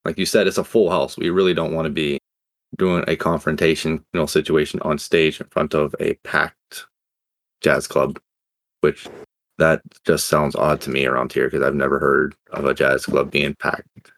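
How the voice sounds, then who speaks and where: Deep-voiced joking man at a game table. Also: flat delivery, measured pace, gravelly, a bit bright, no echo. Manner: joking, talkative. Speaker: player.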